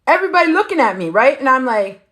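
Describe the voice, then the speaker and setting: A woman's voice: sits high, very animated, fast, a bit bright. A middle-aged woman hosting a livestream, telling a story in a casual, emphatic way full of profanity. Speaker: livestream host.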